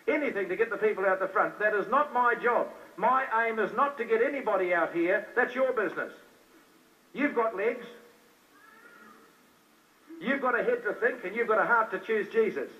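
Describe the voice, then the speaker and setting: High-voiced New evangelist, distant recording. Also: male voice, moderate pace. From New Zealand. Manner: preachy, repetitive, questioning the crowd. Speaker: evangelist preacher. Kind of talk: evangelistic sermon. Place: meeting hall with crowd. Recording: distant, dull old live recording.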